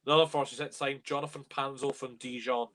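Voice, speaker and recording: A man's voice: medium pitch, steady tone, fairly quick, a bit bright. A young man hosting a live fan reaction stream, ranting bluntly and swearing in exasperation. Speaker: fan channel host.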